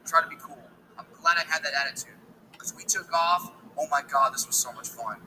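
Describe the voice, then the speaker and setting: A man doing stand-up comedy, telling an animated story full of acted-out voices. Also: mid-range voice, brisk, slight background noise, low-quality recording.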